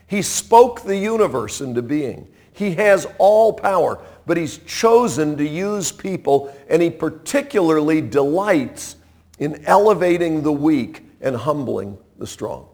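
Male preacher, storytelling sermon, lively and unhurried, slightly higher voice. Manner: animated, conversational, dramatic shifts in loudness.

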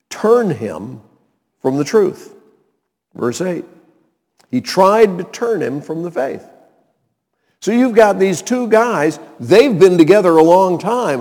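A pastor delivering a sermon, a man whose somewhat high voice rises and falls widely as he stresses each point. He speaks slowly and emphatically, often pausing to check in with his listeners. The sound rings with the long reverb of a large hall. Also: a little mellow.

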